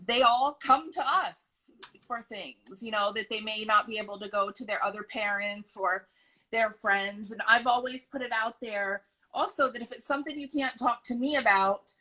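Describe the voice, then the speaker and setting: Brief: chatty forties mom as a guest on a video call, bright and lively, laughs easily. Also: female voice, a little high, moderate pace, low-quality recording. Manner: candid and rambling, laughs often. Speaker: guest, mother of a large family. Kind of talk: candid interview answers.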